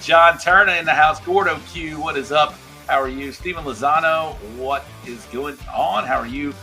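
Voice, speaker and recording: A man hosting a livestream show, chatting casually and reading out viewer shout-outs. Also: on the high side, faint music behind. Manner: reads out viewer names in quick shout-outs.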